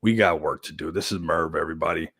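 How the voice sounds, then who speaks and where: A man's voice: rumbling low, fast talker, a bit bright, breathy edge, no room sound. A man hosting a crypto livestream, chatting casually in a rambling, upbeat hype style and laughing often.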